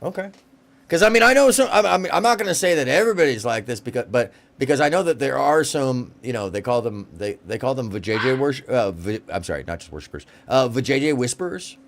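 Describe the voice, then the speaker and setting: A man hosting a casual call-in livestream, joking loudly and playfully. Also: mid-range voice, lively intonation, fast, slight background noise. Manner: joking, loud bursts, playful. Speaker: livestream host.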